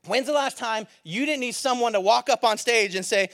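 A man preaching a sermon as a pastor, talking in a lively, conversational and emphatic way with playful asides. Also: extremely high pitch, normal speed, few pauses.

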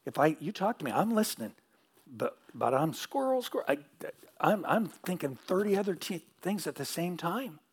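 A man's voice: high-pitched, lively intonation, moderate pace, slightly rough. A middle-aged man pastor preaching a sermon, telling stories and asking the audience questions, with repeated phrases.

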